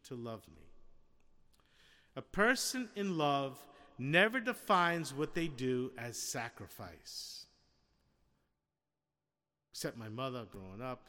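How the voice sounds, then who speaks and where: A man's voice: mid-range voice, a bit bright, big-room sound. A man preaching a sermon in a conversational way, asking the congregation questions and acting out little scenes. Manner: conversational, with rhetorical questions and acted-out quotes.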